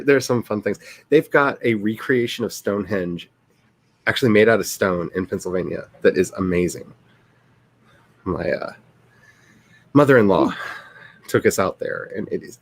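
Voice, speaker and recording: Lively, chatty man. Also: fairly low pitch. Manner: rambling and chatty, laughing often. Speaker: author and streamer. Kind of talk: casual livestream chat.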